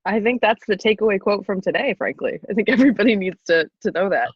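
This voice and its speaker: A young adult woman chatting casually on a podcast, pitching ideas and laughing often. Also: lively intonation, fast talker, slightly rough, no echo, muffled recording.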